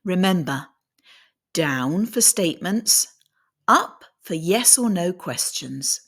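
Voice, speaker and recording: A woman giving a scripted English pronunciation lesson, deliberately demonstrating how her voice rises and falls. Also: lowish voice, animated, a bit bright, slightly rough.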